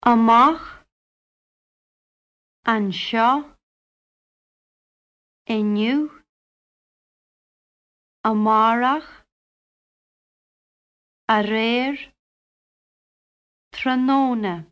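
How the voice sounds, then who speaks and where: A woman reads example words one at a time, very slowly and with care. Her voice sits fairly high, and each word is spaced out for learners to copy. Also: a bit bright, highs cut off. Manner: slow, deliberate word-by-word reading. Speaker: pronunciation model speaker.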